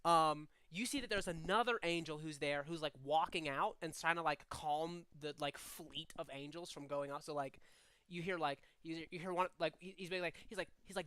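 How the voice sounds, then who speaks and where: Young man, game master narration, rambling with fillers, smooth voice, dry close sound. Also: a little high, moderate pace, pushed and bright, dry recording. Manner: rambling, hesitant, many fillers.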